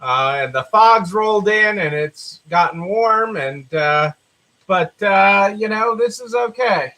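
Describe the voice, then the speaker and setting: Hosting a live stream, a man with a Southern American accent talks casually in a very high, bright, forceful voice. His intonation is lively as he rambles, loops back to repeat phrases, and fills gaps with "uh." The audio quality is poor.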